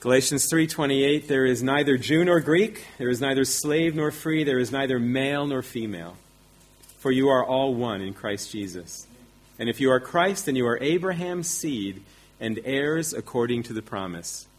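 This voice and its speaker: Husky-voiced man preaching a sermon. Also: medium pitch, moderate pace. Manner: emphatic teaching with rhetorical questions and self-deprecating asides.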